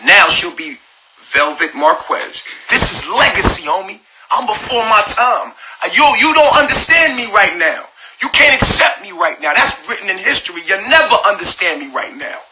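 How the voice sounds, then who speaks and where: A man's voice: on the high side, noisy background. A man speaking in a mocking, grandiose monologue full of rhetorical questions. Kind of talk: boastful monologue.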